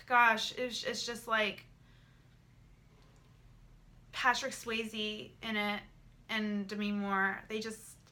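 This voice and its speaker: Bright-voiced emotional young woman vlogger. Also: medium pitch. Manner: emotional, repetitive, swearing freely. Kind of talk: candid vlog monologue.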